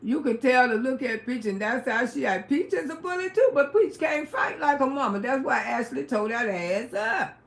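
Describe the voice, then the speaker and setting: A middle-aged woman hosting a livestream, telling stories in a brash, profane, casual way and breaking into loud exclamations. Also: high-pitched, expressive, normal speed, few pauses. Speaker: livestream host. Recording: roomy echoey room.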